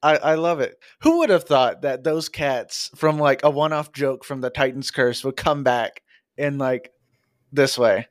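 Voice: mid-range voice, measured pace, dry recording, clean studio sound. A podcast guest chatting enthusiastically about a book. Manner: enthusiastic, fan-like. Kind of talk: casual book-club chat.

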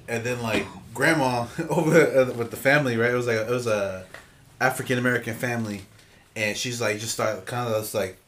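A man's voice: mid-range voice, fairly bright tone, a little hiss or hum. A man, co-hosting a podcast and telling a loose, profane story among friends. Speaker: podcast co-host. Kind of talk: casual chat, storytelling. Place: room with friends.

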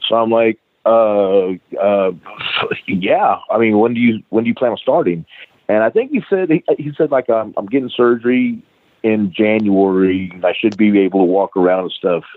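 As a guest on an interview show, a middle-aged wrestling trainer briskly delivers a casual, cursing story and performs the dialogue in it. His voice is on the low side, with no room sound, over a tinny, phone-like line.

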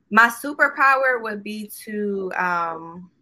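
A young woman guest in a casual interview chat, relaxed and candid, laughing a lot. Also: mid-range voice, extremely slow, slight background noise.

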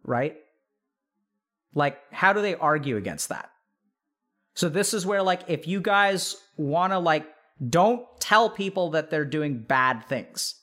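A man hosting a podcast, giving casual advice in an animated way, peppered with "like" and "right?" and acting out what imagined relatives would say. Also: on the high side, slow pace. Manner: animated, acts out imagined family members mid-sentence; frequent fillers "like" and "right?".

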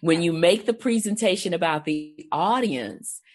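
A woman's voice: lowish voice, measured pace. An American woman hosting a podcast interview, asking open questions and laughing easily. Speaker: podcast host. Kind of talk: casual interview chat.

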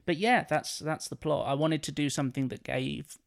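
Gravelly-voiced man, rambling podcast chat. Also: a little high, moderate pace. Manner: rambling, hesitant with many fillers. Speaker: podcast co-host pitching a film. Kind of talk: casual chat.

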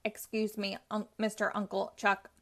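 Lady reading a kids book, doing a polite old tin can robot, formal, says sir a lot, mid pitch. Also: monotone, moderate pace, fairly bright tone, lightly acted. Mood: polite, earnest. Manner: deferential, formal.

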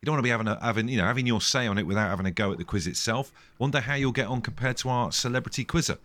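A man's voice: mid-range voice, rapid-fire, fairly bright tone, no echo. A man hosting a podcast in rambling, jokey casual chat. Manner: rambling, jokey, self-deprecating. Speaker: podcast host.

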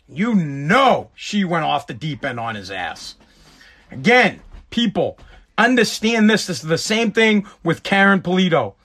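A fired-up host with a Massachusetts accent rants bluntly and swears freely. His speaking voice sits fairly high for a man, and the delivery is casual, loose and opinionated. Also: fairly bright tone. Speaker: podcast host. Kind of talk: casual ranting commentary.

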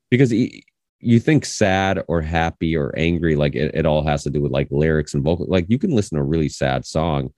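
A podcast host with an extremely low, deep voice tells stories in a loose, rambling way, often restarting his sentences. He sounds close to the mic, with a dry, dead recording. He is a man in his thirties. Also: no room sound. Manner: rambling, animated storytelling with many restarts. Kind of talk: casual conversation.

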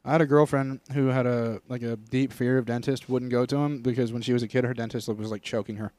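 A man's voice: medium pitch, fairly even intonation, fast talker, darkish tone, no room sound. A young man co-hosting a podcast, telling crude stories in a rambling, joking way. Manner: crude, rambling storytelling with bursts of laughter. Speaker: podcast co-host. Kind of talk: casual chat.

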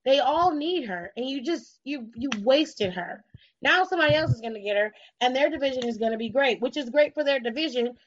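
A woman on a podcast giving emphatic opinions about wrestling, building into forceful outbursts. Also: sits high, expressive, fairly quick, dull audio, a little hiss or hum. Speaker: podcast co-host.

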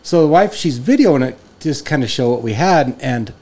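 A man in his forties tells a long, rambling story to friends on a podcast. He talks in an animated, loose way and restarts his sentences often. His voice sits at an ordinary middle pitch. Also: moderate pace. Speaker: podcast host. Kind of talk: casual storytelling chat.

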